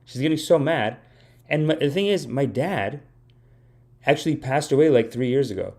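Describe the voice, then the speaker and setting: A man's voice: medium pitch, expressive, normal speed, darkish tone. A man hosting a live comedy podcast, telling stories in a rambling, mock-earnest style and praising himself. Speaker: podcast host. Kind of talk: comedic livestream monologue. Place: home streaming setup.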